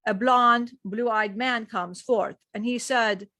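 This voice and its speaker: A woman's voice: fairly high pitch, steady tone, takes it slowly, hardly any pauses, pushed and bright, dry recording. A woman, a spiritual teacher, who tells a channeled story in an earnest, rambling way. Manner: earnest, rambling retelling with frequent "he said".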